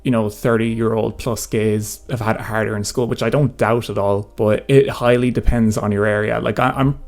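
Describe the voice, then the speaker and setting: A man's voice: fairly low pitch, steady tone, normal speed, darkish tone. A nineteen-year-old man giving a sarcastic, profane commentary rant in a casual way. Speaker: commentary YouTuber. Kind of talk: ranting commentary.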